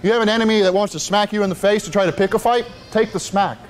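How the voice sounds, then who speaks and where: A man's voice: high voice, fast talker, slight background noise. A middle-aged man preaching a sermon in an emphatic, repetitive style with rhetorical asides.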